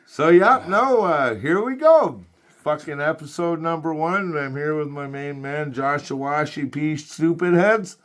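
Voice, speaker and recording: A man's voice: fairly high pitch, lively intonation, measured pace, fairly bright tone. A man hosting a casual podcast, a little tipsy from beer, rambling and swearing a lot. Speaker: podcast host. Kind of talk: casual chat.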